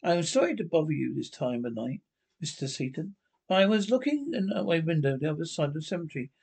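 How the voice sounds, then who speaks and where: A man's voice: a little high, sing-song, fairly quick, vocal fry, darkish tone, husky, full character voice. A man reading the part of an elderly, hesitant small-town judge in an old radio play, with a rambling, apologetic manner.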